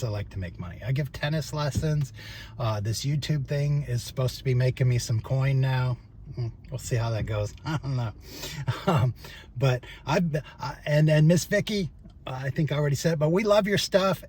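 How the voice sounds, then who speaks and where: A man's voice: fairly high pitch, darkish tone, slightly rough. Rambling older man, casual and profane. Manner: rambling, chatty and profane, with frequent fillers and chuckles. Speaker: vlogger, former trial attorney.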